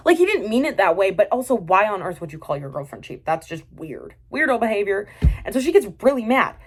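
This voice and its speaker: A woman's voice: medium pitch, a little fast, slightly rough. Woman ranting casually, sarcastic and fed up, talks over herself with likes and you knows. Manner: exasperated, sarcastic, animated with lots of fillers. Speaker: drama reviewer.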